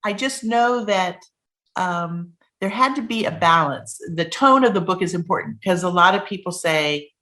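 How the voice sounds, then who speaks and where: A woman children's author talks quickly and brightly in an interview. She reads her own picture book aloud with animated, storybook emphasis. Her voice sits slightly low for a woman. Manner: lively, quick talk with animated storybook reading.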